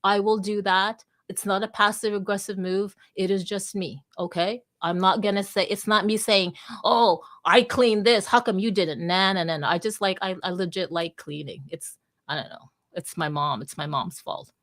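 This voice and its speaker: A woman's voice: mid-range voice, fairly even intonation, normal speed, a bit bright. Rambling candid woman hosting a chat. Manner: rambling, candid, many restarts. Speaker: host of a live audio space. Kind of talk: casual chat.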